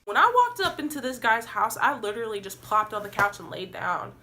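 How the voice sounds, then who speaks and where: A young woman vlogger telling a wild story in a casual storytime vlog, animated and profane, acting out what people said. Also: fairly high pitch, a little fast.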